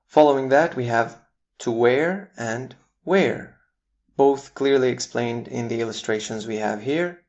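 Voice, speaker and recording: An American man narrates an English vocabulary lesson at a middle pitch. He is clear and deliberate, spelling words out letter by letter, and he brightens as he brings in each new word pair. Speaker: English teacher.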